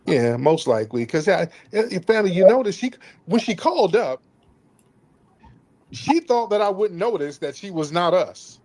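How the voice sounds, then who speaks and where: Lively high-voiced man, emphatic host. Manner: emphatic, scolding, repeats himself; mimics others in mocking voices. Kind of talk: opinionated commentary on a call-in news show.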